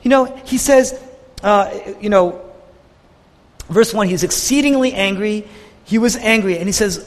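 A man's voice: high-pitched, measured pace, long pauses. A man preaching a sermon with emphasis, repeating key phrases for weight. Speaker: pastor. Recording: long reverb of a large hall.

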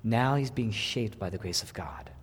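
A man preaching a sermon as pastor, swinging from hushed lines to loud emphatic ones. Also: on the low side, normal speed, breathy edge, in a large hall.

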